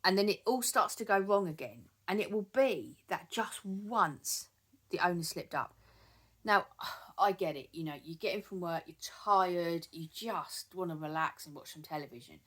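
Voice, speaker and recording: A woman's voice: on the low side, expressive, moderate pace, a bit bright. A woman who trains dogs, giving casual advice to camera, chatty with many ums and repeated words. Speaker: dog trainer.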